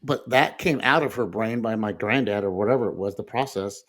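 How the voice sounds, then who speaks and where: A middle-aged man telling family stories in casual conversation as a podcast guest, lively and chuckling often. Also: lowish voice, a little fast. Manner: animated storyteller who acts out quoted voices, with frequent fillers and chuckles.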